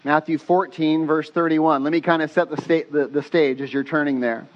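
A man preaching a sermon as pastor, telling stories with animated, casual delivery and slang. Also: on the high side, moderate pace, dull audio.

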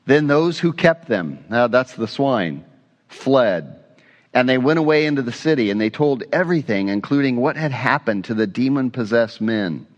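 A man's voice: medium pitch, expressive, normal speed, long reverb tail, muffled recording. A man preaching an expository sermon as a pastor, conversational and often asking his congregation questions.

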